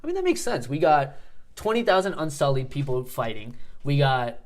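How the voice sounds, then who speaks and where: A man's voice: a little high, sing-song, moderate pace. A man hosting a casual chat, slangy and loose, laughing often and swearing freely. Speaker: host.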